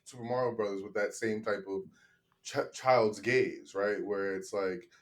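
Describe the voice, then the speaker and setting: A comedian making a rambling, casual case on a podcast, often asking "you know what I mean?". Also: male voice, on the low side, fairly even intonation, measured pace. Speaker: comedian defending a film.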